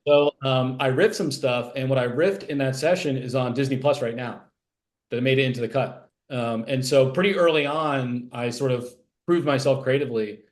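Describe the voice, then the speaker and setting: In a relaxed interview, a man who writes for TV animation talks about his work at normal speed in a mid-range voice. His speech wanders, packed with fillers and false starts.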